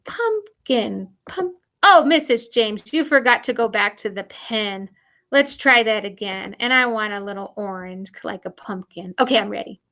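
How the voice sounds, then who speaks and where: A woman's voice: medium pitch, moderate pace, pushed and bright. A woman music teacher giving a recorded online lesson for young children, explaining each step in an upbeat, encouraging way.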